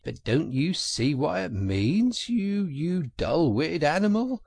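Man voicing a brisk, emphatic water rat. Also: medium pitch, sing-song, creaky, breathy edge, no echo, heavily acted. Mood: exasperated. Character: brisk, kindly male water rat, easily exasperated. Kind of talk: audiobook character reading.

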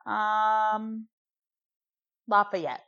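A woman's voice: medium pitch, drawn-out words, dull audio. A woman co-hosting a trivia podcast, chatting and teasing casually while she answers questions. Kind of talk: casual chat.

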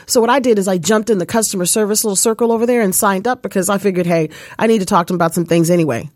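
A woman with a mid-range, darkish voice talks very fast with few pauses, recorded dry at studio quality. She hosts a live spiritual coaching show, telling a personal story earnestly and casually and often speaking straight to her listeners, whom she calls "you guys."

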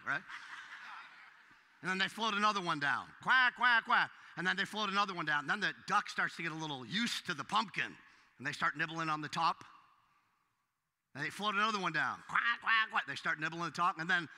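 Male pastor, high and very bright voice, big reverberant church hall. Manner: preachy, swings from hushed to loud. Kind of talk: sermon.

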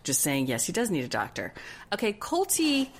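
A woman's voice: a bass voice, very animated, fast, slight background noise. A woman co-hosting a podcast, bluntly and animatedly chatting about a reality show and swearing freely. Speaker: podcast co-host. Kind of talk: casual chat recapping a reality show.

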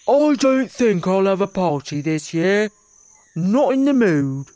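A woman voicing a grumpy young bear in a storybook reading, in a gruff, grumbling manner. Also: medium pitch, big pitch swings, slow, dark tone, no room sound.

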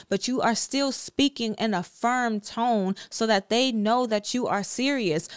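A woman's voice: fairly high pitch, clean tone, no echo, studio quality. A woman hosting a faith podcast, teaching earnestly and directly. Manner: earnest, direct, preaching cadence with repetition. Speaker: podcast host.

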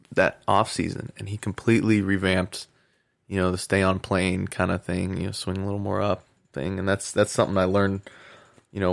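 Deep gravelly-voiced man telling a story. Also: no room sound, studio quality. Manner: animated anecdote, acts out quotes, laughs often. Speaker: guest, former pro baseball player. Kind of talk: storytelling in a podcast interview.

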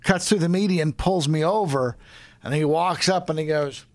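Middle-aged male host, storytelling, fairly high voice, dry close sound. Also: normal speed, no room sound. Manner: storytelling, joking. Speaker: radio host. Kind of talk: casual podcast chat.

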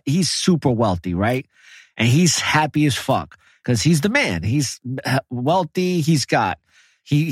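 A man in casual podcast conversation, retelling a film with animated, profane emphasis. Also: mid-range voice, slightly rough, no echo, studio quality.

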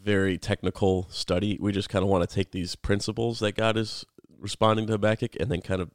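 Very deep male voice, podcast co-host, casual bible study talk, dry close mic. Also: fairly quick, dry recording. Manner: relaxed, rambling, explanatory.

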